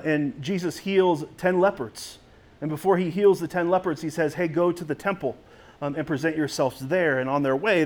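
Conversational male pastor, fairly high voice. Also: a little mellow. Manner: conversational, with frequent restarts. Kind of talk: sermon.

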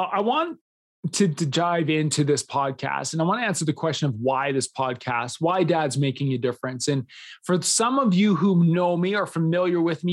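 A man in his thirties hosting a solo podcast, talking in an earnest, enthusiastic way, often smiling as he speaks. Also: a little high. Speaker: podcast host.

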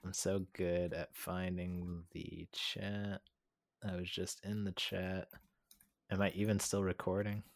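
A man's voice: low-pitched, flat delivery, slow, vocal fry. A man running a tabletop game, rambling casually with self-mocking asides and frequent laughs. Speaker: game master. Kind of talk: casual chat over a call.

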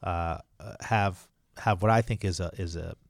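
A man's voice: low-pitched, measured pace, vocal fry, no echo, clean studio sound. A man talking as a guest on an interview podcast, explaining things earnestly and often restarting his sentences. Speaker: franchise attorney and podcast host.

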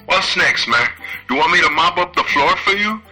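A man's voice: fairly high pitch, lively intonation, moderate pace, lightly acted. A man playing a swaggering wrestler with a fake Latin accent. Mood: taunting. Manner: taunting, mocking, boastful. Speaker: wrestler in a promo skit. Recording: archival TV clip with music behind.

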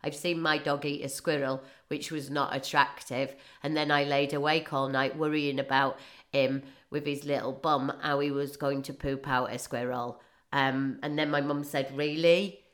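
A woman's voice: very deep voice, level tone, moderate pace. A woman in her forties with a Northeast English accent, rambling through a jokey casual monologue and laughing often. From northeast England. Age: 40s.

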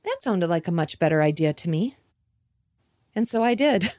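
A woman's voice: lowish voice, animated, normal speed, darkish tone. A woman hosting a podcast, telling a personal story and then preaching with a building, repeating cadence. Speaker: podcast host. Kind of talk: devotional storytelling talk.

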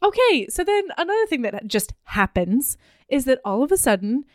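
Wry woman with a fairly high voice. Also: big pitch swings, normal speed, no room sound, studio quality. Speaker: podcast co-host. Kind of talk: casual chat recapping a novel.

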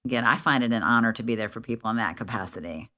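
A woman's voice: very deep voice, rapid-fire, bright, forceful tone. A woman guest on a podcast, speaking candidly in casual chat.

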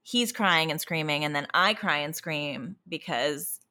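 A young adult woman and parent of a toddler, exhausted, talking candidly in a halting, self-interrupting, emotionally raw way. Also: low voice, pushed and bright. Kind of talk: candid conversational chat.

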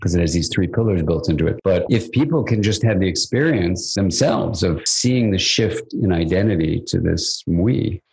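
A man's voice: low voice, normal speed, vocal fry, few pauses, husky, poor audio. An older man, a psychiatrist guest in an interview, explaining ideas at length and telling stories with acted-out dialogue. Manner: animated storyteller, acts out quoted dialogue.

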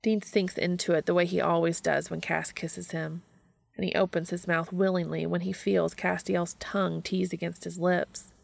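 A woman narrating a work of fiction aloud in a steady, unhurried reading voice. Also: lowish voice, vocal fry, no echo.

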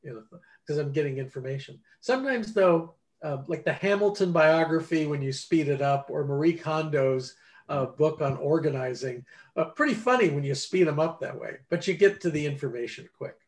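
A man's voice: fairly high pitch, normal speed. A man over forty, an author and ghostwriter, talking casually in an interview and acting out quoted conversations as he tells stories. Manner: animated storyteller, acts out quoted dialogue.

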